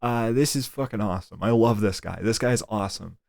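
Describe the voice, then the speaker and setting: A man's voice: on the low side, a little fast, gravelly, a little mellow, no room sound, clean studio sound. A young man streaming live, chatting casually, rambling and swearing freely.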